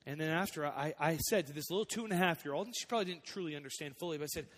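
A young male pastor delivers a sermon in a chatty, personal way, his slightly high voice dropping quiet and then swelling on key points. The sound carries a long reverb, like a large church sanctuary. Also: racing, few pauses. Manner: conversational preaching, swings between soft and emphatic.

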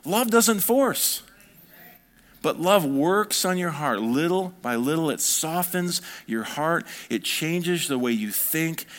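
Man preaching a lively sermon. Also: fairly high pitch, slow. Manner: animated preaching, swinging between soft and fired-up. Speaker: pastor.

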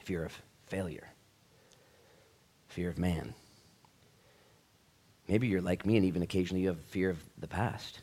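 A middle-aged man preaching a sermon in a church, animated, acting out dialogue and swinging between loud bursts and hushed asides. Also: sits low, moderate pace, long pauses, breathy edge. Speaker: pastor.

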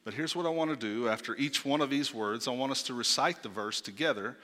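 A man preaching a sermon as pastor, emphatic, swinging from soft, low phrases to loud exclamations. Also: a little fast. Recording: long hall reverb.

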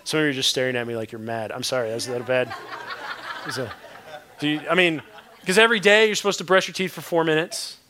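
Brief: male preacher, slightly high voice, bright and forceful, punchy repetitions, jokey asides. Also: quick pace. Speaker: pastor. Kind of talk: sermon.

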